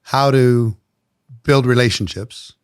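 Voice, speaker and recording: A man's voice: mid-range voice, fairly even intonation, takes it slowly, smooth. A man hosting an interview, asking conversational questions and reacting briefly. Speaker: interview host.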